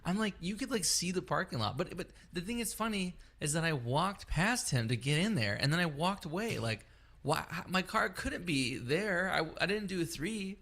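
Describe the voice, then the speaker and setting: A man's voice: sits high, moderate pace. A man telling a story, cursing often. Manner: animated, profane, acts out both sides of the story. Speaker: podcast co-host. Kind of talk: casual storytelling chat.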